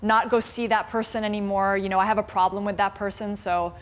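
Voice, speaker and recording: A woman voicing an impatient townsperson who wants problems out of the way, in a brisk, dismissive tone. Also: medium pitch, steady tone, lightly acted. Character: impatient everyday townsperson, wanting problems gone.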